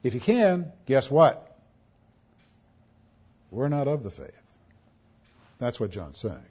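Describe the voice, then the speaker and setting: A man preaching a sermon, his voice swelling on key words and dropping low, often repeating words as he restarts. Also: sing-song, slow, slightly rough. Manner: preaching with emphatic swells and soft drops. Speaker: pastor. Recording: dull lo-fi sound.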